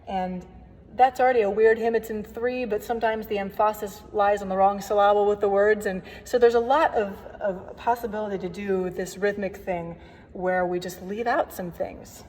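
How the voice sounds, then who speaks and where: In a mid-range voice with a steady, slightly mellow tone, a woman organist leads a recorded workshop on hymn playing at normal speed. She explains warmly and chattily, adding playful asides, while the echoing church gives long reverb over faint background noise.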